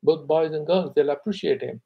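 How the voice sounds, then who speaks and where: A man teaching scripture, reciting Sanskrit verses slowly and then explaining them conversationally. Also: fairly high pitch, creaky, slightly rough, phone-quality sound. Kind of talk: explaining Sanskrit texts in a class.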